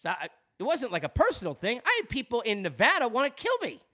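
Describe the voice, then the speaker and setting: Earnest Long Island man, lively voice. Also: very high voice, fast. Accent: Long Island New York. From Long Island, New York. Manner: earnest and candid, often repeats words as he talks. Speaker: podcast host. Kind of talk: personal podcast monologue.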